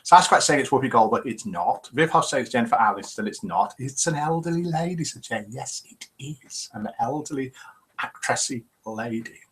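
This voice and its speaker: A man's voice: mid-range voice, lively intonation, normal speed, background noise. A man hosting a live chat show, reading out viewer comments and telling jokes in a chatty, teasing way.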